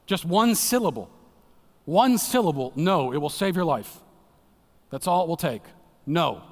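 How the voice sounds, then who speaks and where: A man giving an earnest, dramatic sermon as a guest speaker in a church, dropping to a hushed low voice for emphasis. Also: big pitch swings, moderate pace. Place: church sanctuary. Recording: long church hall reverb.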